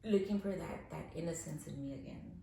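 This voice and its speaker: A woman around forty telling personal stories frankly and candidly. She swears freely and swings between soft reflection and animated laughter. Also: deep voice, fairly quick, creaky, a little hiss or hum. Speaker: podcast guest. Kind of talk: candid conversational storytelling. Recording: very echoey room.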